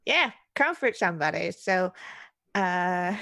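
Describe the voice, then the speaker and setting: Slow, gravelly-voiced woman game master. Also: on the low side, sing-song, pushed and bright, no echo. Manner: slow, hesitant narration with fillers. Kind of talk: narrating a tabletop horror game.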